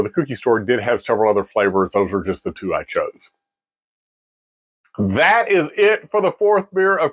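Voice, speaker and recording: A man hosting a casual beer-tasting video, chatty and joking about his own pronunciation. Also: medium pitch. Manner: chatty, self-mocking, lively. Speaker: beer reviewer, video host.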